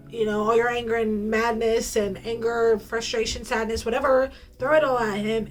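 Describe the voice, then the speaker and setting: A woman's voice: on the high side, steady tone, normal speed, few pauses, soft background music. Chatty young woman sharing faith story. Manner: playful slang-filled storytelling with frequent ums. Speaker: faith vlogger. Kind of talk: casual personal testimony to camera.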